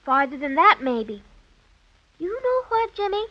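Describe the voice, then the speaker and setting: An actress playing a cheerful, wide-eyed young girl, a gentle older sister in an old radio play. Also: very high voice, very animated, measured pace, full character voice. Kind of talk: 1930s radio acting. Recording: dull old radio recording.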